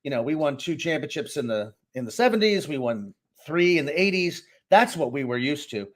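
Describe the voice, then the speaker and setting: A middle-aged man from Boston, co-hosting a casual sports podcast and giving opinionated, animated takes. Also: on the high side, brisk. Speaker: co-host and sports analyst.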